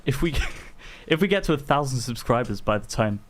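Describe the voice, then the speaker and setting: A man's voice: medium pitch, expressive, brisk, a little hiss or hum. An English man co-hosting a casual live-stream chat, speaking hesitantly with frequent ums and restarts. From England. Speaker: podcast co-host.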